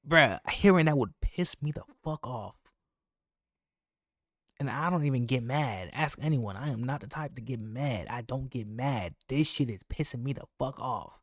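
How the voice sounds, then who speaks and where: A man's voice: mid-range voice, animated, normal speed, a bit bright, no room sound, studio quality. A man hosting a reaction video, commenting in a heated, emphatic, profane way. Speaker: reaction channel host.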